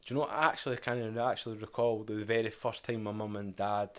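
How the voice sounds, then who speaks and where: Scottish male guest, thirties, low-pitched, frank reflective storyteller. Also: fairly even intonation, fast talker, clean tone. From Scotland. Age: 30s. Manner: candid, reflective, quotes his past self and family. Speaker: podcast guest. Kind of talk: casual storytelling interview.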